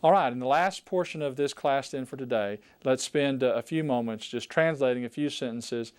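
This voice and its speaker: Middle-aged male Greek teacher, mid-pitched and resonant, drilling vocabulary and then explaining in a rambling way. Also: smooth. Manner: slow, deliberate pronunciation drills with repeated words; unhurried, rambling explanation with frequent fillers. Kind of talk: recorded vocabulary lesson.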